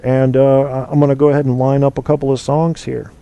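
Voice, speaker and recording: A man's voice: medium pitch, level tone, fast, dark tone, muffled recording. A man hosting a casual call-in show, rambling and opinionated with plenty of fillers and restarts. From United States. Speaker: podcast host.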